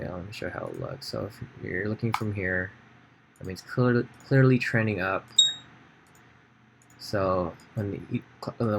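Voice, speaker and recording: Showing a trading chart on screen, a man with a fairly low voice and some vocal fry explains it casually, thinking aloud. He pauses on fillers and restarts his sentences, with a faint noise hiss underneath.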